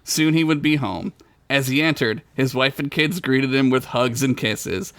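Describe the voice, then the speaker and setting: A man's voice: mid-range voice, normal speed, a bit bright, no echo. A man co-hosting a podcast, reading his own comedic story aloud and laughing at his own jokes.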